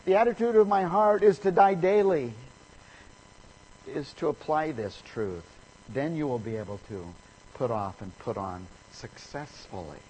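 A man preaching a sermon, telling a story in an animated way and acting out the people in it with sudden rises in pitch and volume. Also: unhurried, slight background noise, low-quality recording.

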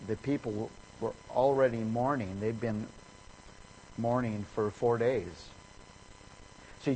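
A man preaching a sermon, telling a story in an animated way and acting out the people in it with sudden rises in pitch and volume. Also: slight background noise, low-quality recording.

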